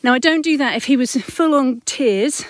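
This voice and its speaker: A woman with a high, light voice talks through a parenting story in a candid, chatty way, correcting herself as she goes. She is walking uphill outdoors. The sound is close and dry. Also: normal speed, dry recording. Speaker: parenting podcast host and mother. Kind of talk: casual reflective monologue. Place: outdoors, walking up a hill at dusk.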